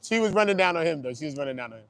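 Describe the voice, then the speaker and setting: Give me a joking, cursing man, vlogging live out on the street in a slightly high voice. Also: rapid-fire. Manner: animated, profane, joking, hypes up passersby. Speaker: livestreaming vlogger. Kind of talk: loud casual street livestream. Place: outdoors on a busy street.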